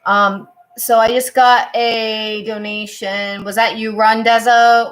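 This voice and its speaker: A woman's voice: on the high side, flat delivery, takes it slowly. A woman tarot reader casually telling stories on a livestream, chatty and full of fillers and restarts.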